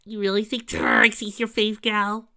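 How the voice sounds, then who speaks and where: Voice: mid-range voice, measured pace, gravelly, sharp tone, pitched above the performer's own voice. A fan reader voicing a vain female show pony who talks grandly about herself. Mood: pompous.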